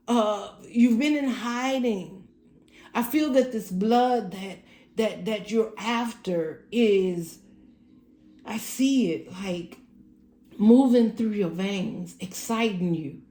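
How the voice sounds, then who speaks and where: A woman's voice: on the high side, warm tone, reverberant. A woman giving a casual tarot reading to camera at home, speaking emphatically and repeating herself as she addresses the viewer directly. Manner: emphatic, repetitive, talks straight to the viewer. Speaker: tarot reader. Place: room at home.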